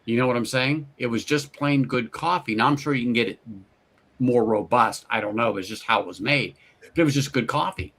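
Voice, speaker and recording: A man's voice: mid-range voice, fairly quick. Chatty middle-aged man telling stories. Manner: storytelling, animated quoted voices, laughs often. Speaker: host. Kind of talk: casual chat.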